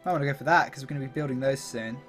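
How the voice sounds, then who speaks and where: Speaking very fast in a medium-pitched, fairly bright voice, a man on YouTube gives chatty commentary on his strategy game. He thinks out loud, uses plenty of fillers and laughs at himself while soft music plays behind him.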